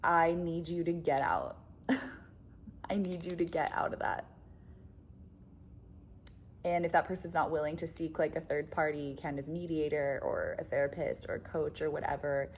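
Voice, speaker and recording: A woman's voice: sits low, gravelly, a little mellow, a little hiss or hum. A young woman talking candidly to camera as a relationship coach, chatty and blunt, full of "like" fillers, swearing and laughing often. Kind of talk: candid casual monologue to camera.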